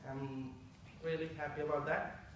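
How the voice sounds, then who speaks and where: A young man from India giving a halting, chatty speech at a citizenship ceremony, laughing often. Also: a little high, level tone, slight background noise. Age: young adult. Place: council meeting room. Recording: echoey council chamber from far off.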